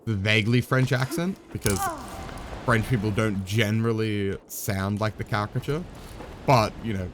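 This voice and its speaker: A man's voice: lowish voice, noisy background. A man streaming a game live, chatting casually in a rambling, joking way with some swearing.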